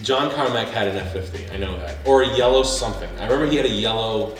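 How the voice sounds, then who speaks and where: A man in his thirties co-hosting a podcast, telling stories in a casual chat, animated and profane, often acting out salesmen. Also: on the low side, fast talker. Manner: animated storyteller, lots of swearing, acts out salesmen. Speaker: podcast co-host. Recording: echoey room, mic at a distance, faint music.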